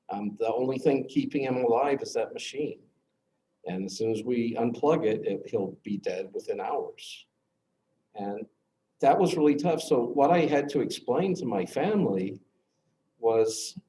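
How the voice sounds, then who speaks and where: A middle-aged man teaching a class, earnestly telling a personal story, with his voice dropping low at the hard moments. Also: unhurried, warm tone. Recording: echoey classroom, faint noise.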